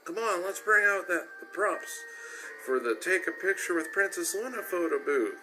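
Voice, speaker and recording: A man voicing a chatty little filly pony girl in a storybook reading, with a high, squeaky voice. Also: expressive, moderate pace, music in the background, rough recording. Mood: cheery.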